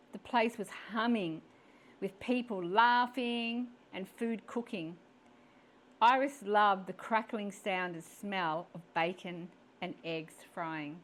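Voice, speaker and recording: Woman storyteller, slow read, chuckles, personal asides. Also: medium pitch. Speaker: storyteller reading her own story.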